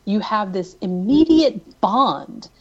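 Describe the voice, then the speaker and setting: A woman's voice: medium pitch, animated, takes it slowly, muffled recording, a loud crowd. A woman co-hosting a casual chat, thoughtful and admiring, repeating words as she thinks. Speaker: podcast co-host.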